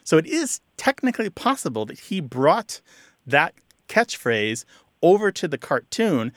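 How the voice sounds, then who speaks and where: A man co-hosting a radio show on language, explaining word origins to a caller in a chatty way with quick asides. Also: a little high, sing-song, no room sound, studio quality.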